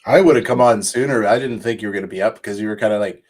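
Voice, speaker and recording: A man's voice: fairly low pitch, fast talker, a little mellow, slight background noise. A man from Canada, a guest on a late-night livestream, chatty, joking and self-deprecating. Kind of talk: casual chat.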